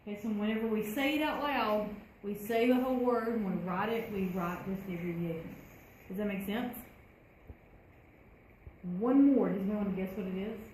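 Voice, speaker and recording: In a mid-range voice with a darkish tone, a woman teaching math moves at a moderate pace, asking her class questions in a conversational style. The recording carries classroom echo and faint room noise.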